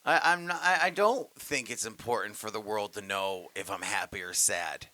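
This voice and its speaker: A man's voice: lowish voice, normal speed, bright, forceful tone, no room sound. A young man co-hosting a podcast, chatting casually and animatedly, stammering and acting out quotes as he tells stories. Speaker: podcast co-host. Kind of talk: casual comedic chat.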